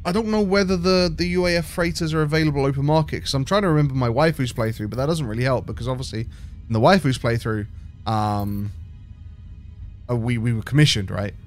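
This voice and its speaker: Faint music plays behind a British man with a medium-pitched, brisk voice. He's a game streamer doing casual let's-play commentary, thinking aloud and rambling with frequent restarts.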